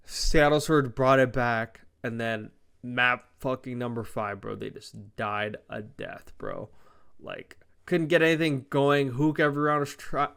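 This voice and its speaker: A man's voice: mid-range voice, fairly bright tone, clear, resonant tone. A young man giving a casual esports recap, often heated, swearing and calling his listeners "bro". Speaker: esports commentator.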